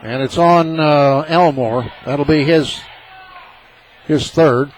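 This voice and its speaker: A man calls a high school basketball game for a small local radio station, rooting openly for his team. His voice sits a little high and leaps up when the action heats up. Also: takes it slowly, a faint crowd, poor audio. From southern Illinois. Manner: partisan, excitable, rises sharply on big plays. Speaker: play-by-play announcer.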